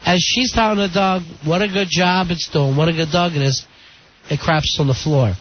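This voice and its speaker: Man, talk radio host, chatty storyteller, slightly high voice, dull lo-fi broadcast with faint hiss. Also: steady tone, normal speed.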